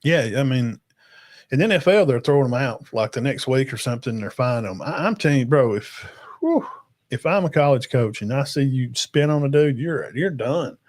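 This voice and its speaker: A man's voice: medium pitch, lively intonation, normal speed, a little mellow. A man hosting a casual sports livestream, rambling and emphatic as he talks to the chat and his guests. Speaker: podcast host.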